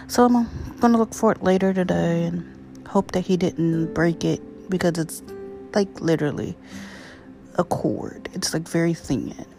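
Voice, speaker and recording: A young woman hosts a casual solo podcast on her own microphone. Her voice sits low, and her talk rambles wearily with breathy little asides. Faint music plays behind her. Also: measured pace, mellow. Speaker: podcast host. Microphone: USB microphone.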